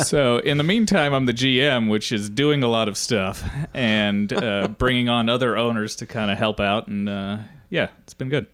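Relaxed self-deprecating guest man. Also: mid-range voice, moderate pace, hardly any pauses, clear, resonant tone. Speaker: guest, sports team owner. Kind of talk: casual podcast interview.

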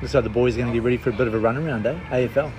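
A man's voice: medium pitch, fairly even intonation, very fast, over music. A man co-hosting a podcast, joking and agreeable in casual chat. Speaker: podcast co-host.

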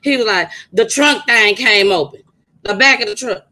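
Bright, forceful woman co-host, loud and animated, swears a lot. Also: a little high, normal speed, poor audio. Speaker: podcast co-host. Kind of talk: casual chat and storytelling.

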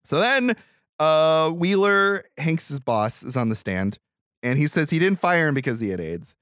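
A man's voice: on the high side, sing-song, unhurried, a bit bright, clean tone, dry recording, studio quality. A man casually retelling a movie scene by scene on a podcast, acting out the characters' lines with loose swearing. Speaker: podcast host. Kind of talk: casual movie recap chat.

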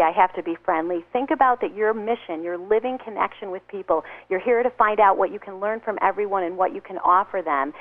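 A woman author giving upbeat advice in an interview, acting out little dialogues as she explains. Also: medium pitch. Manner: upbeat, acts out quoted dialogue. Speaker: guest author. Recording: tinny phone line.

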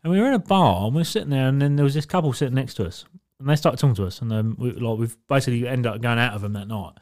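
Young english bloke on a podcast, swears a lot, easy storytelling, dry close sound. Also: male voice, mid-range voice, rapid-fire, darkish tone, no echo. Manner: sweary, laid-back storytelling. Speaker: podcast co-host. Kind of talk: casual chat.

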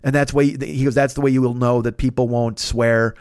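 A man hosting a podcast, telling a long story in a profane, rambling, animated way. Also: medium pitch, brisk, clear, resonant tone, no room sound, clean studio sound. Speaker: podcast host. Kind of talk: casual storytelling monologue.

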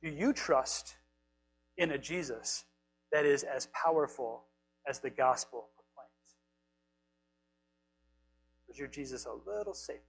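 A man preaching a casual, animated sermon, retelling scripture stories and acting out the quotes in a conversational way. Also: mid-range voice, slow pace, long pauses, rough recording. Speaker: pastor.

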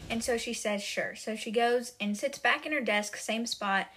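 A podcast host with a fairly bright, somewhat high voice recaps book chapters at a moderate pace. Her retelling is chatty and packed with fillers, leaning heavily on "like" and "she's like."

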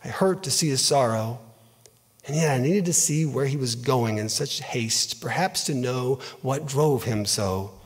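A man giving an earnest, emotive dramatic reading of a story, in a measured way. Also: mid-range voice. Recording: long hall reverb.

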